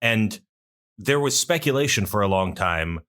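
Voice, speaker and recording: Deep, bright-toned male podcast host. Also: expressive. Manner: measured, summarizing and asking questions. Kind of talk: interview podcast conversation.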